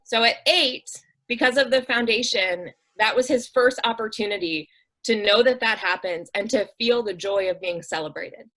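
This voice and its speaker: This woman, a guest on an interview show who runs a nonprofit, tells heartfelt stories earnestly and conversationally. Her fairly bright voice is on the high side at normal speed; she acts out quoted voices and uses many "um"s and "like"s. The recording is rough.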